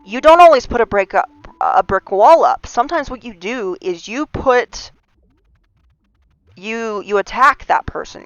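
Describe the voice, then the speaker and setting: A woman's voice: a little high, expressive, measured pace, dry recording, faint music behind. A woman hosting a livestream, talking in an earnest, impassioned monologue full of restarts and rising emphasis. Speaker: livestream host. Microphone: streaming mic. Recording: slightly dull lo-fi stream audio.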